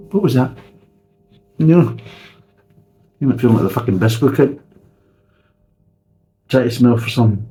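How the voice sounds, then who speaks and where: A man's voice: mid-range voice, mellow, rough recording. A man reviewing a beer in a casual, sweary, ranting way.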